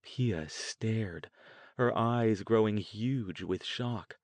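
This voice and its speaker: A man narrating a novel in a measured, steady storytelling way. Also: fairly low pitch, no room sound. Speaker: audiobook narrator. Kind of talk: scripted narration.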